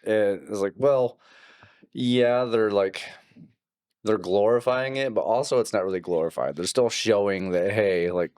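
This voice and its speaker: A man with a fairly low voice chatting as a podcast co-host. He keeps it laid-back and joking, padding his talk with fillers, and sits on a dry close mic. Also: measured pace, a little mellow, no room sound. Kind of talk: casual podcast banter.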